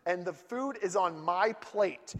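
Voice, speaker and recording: A man preaching a sermon to a group in a church hall, telling lively stories and acting out voices and outbursts. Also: high-pitched, slow pace. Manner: animated storytelling, acts out voices and outbursts. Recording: long hall reverb.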